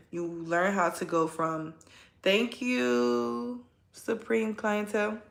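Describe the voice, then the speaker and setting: A woman's voice: lowish voice, roomy sound. A woman giving a casual spoken tarot reading, chatty and rambling, often tagging her points with a question. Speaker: tarot reader.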